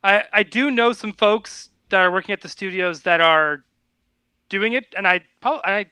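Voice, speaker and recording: A man co-hosts a casual chat with a high, bright voice. He speaks hesitantly, with fillers. The sound is dry and close. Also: moderate pace, clean tone, dry recording. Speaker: co-host.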